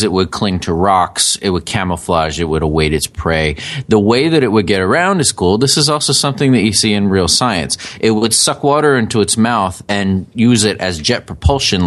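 A man's voice: lowish voice, normal speed, hardly any pauses. A man co-hosting a podcast, casually explaining creature lore with jokey asides. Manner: animated storytelling, jokey asides. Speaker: podcast co-host.

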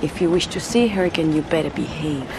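A cold, menacing villainess with a lowish voice. The film clip carries loud background noise under her. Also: fairly quick, vocal fry. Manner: coolly threatening. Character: cold, menacing female villain threatening a boy.

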